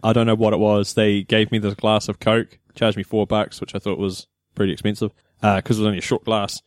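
A man's voice: fairly low pitch, little pitch movement, brisk, dry recording. A man from New Zealand co-hosting a casual podcast, who steers the talk and teases his co-host. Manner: teasing, dry, steers the conversation. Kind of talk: casual chat.

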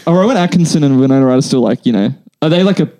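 A man chatting on a podcast, hesitant and thinking aloud, stopping and restarting his sentences often. His voice sits at an ordinary pitch. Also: lively intonation, rapid-fire, a crowd in the background. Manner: hesitant, many fillers and restarts. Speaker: podcast guest. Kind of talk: casual chat.

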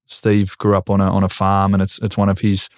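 A man in his thirties with an Australian accent, a former footballer, talks casually as a podcast guest, earnest and reflective, often repeating words as he works out a thought. His voice sits low and is smooth and brisk, with a completely flat delivery. The sound is clean studio quality with no echo.

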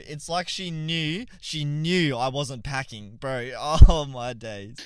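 A young man hosting a gaming podcast, telling a story casually, animated and swearing, laughing mid-sentence. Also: medium pitch, slow pace, clear, resonant tone, no echo. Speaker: podcast host.

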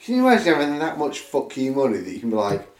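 A man's voice: mid-range voice, wildly swooping pitch, quick pace, echoey room. A man co-hosting a podcast, cracking jokes and swearing freely in casual banter. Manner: joking interjections, swears freely. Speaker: podcast co-host.

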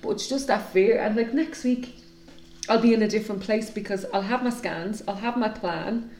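A woman's voice: mid-range voice, moderate pace, a little mellow. A woman, talking frankly and emotionally as a podcast co-host, swearing freely. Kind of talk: candid casual chat. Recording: roomy echoey room.

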